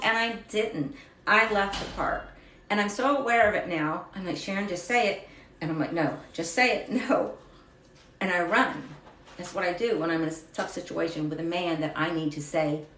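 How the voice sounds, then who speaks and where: A woman's voice: medium pitch, a bit bright, a little hiss or hum. A woman hosting a live stream, talking through a personal testimony in an emotional, confessional way that wanders off track. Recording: roomy echo, slightly distant mic.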